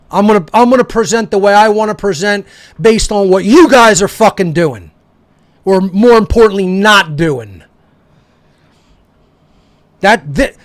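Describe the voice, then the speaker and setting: A man with a notably high voice rants angrily as a talk show host, swearing freely and berating his audience. His delivery is heated and confrontational. The sound is close and dry, with no room around it. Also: no echo. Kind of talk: angry ranting monologue.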